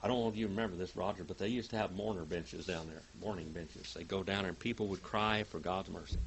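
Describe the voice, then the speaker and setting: A man's voice: low-pitched, quick pace, slight background noise. An older man teaching a Bible class, telling stories dramatically and reading Greek aloud word by word. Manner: dramatic, emphatic storytelling with big swings in loudness.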